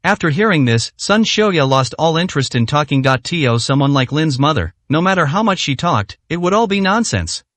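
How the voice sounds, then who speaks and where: A man narrating a translated web novel in a steady reading voice with occasional slips. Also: fairly high pitch, moderate pace, few pauses, no echo.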